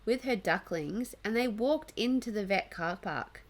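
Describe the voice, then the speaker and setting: A young woman co-hosting a casual podcast, a chatty storyteller with a soft, affectionate way of talking. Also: mid-range voice, animated, a little slow. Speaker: podcast co-host. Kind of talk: casual chat.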